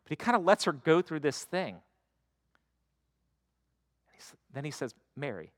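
Man, pastor preaching, conversational sermon, slightly high voice, dry close sound. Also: expressive, a little slow, fairly bright tone, no echo. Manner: conversational, acts out quoted voices.

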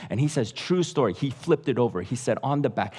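A man as guest pastor telling a story in a sermon, animated and acting out voices, then dropping to a hush. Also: mid-range voice, brisk, husky. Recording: long reverb of a large hall.

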